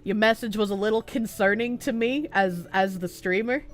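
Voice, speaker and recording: A young woman streamer with a stuffy nose, chatting casually and softly with her chat, giggling and swearing freely. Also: medium pitch, normal speed, faint music behind. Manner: soft-spoken, not loud, giggly, swears casually. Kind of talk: casual live-stream chat, reading chat messages aloud.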